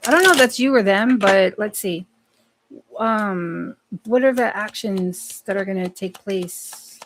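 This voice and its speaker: Woman tarot reader, mid-pitched voice, casual, profane, frank, thinking aloud while pulling cards. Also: a little hiss or hum. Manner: blunt, profane, talks to the cards and to herself. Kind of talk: live tarot reading, casual chat.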